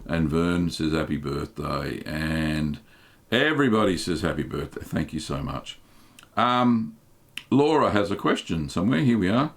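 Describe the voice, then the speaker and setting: An Australian man hosting a live stream, reading viewer chat aloud and answering questions in a relaxed, chatty way with many ums. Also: low voice, measured pace. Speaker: host.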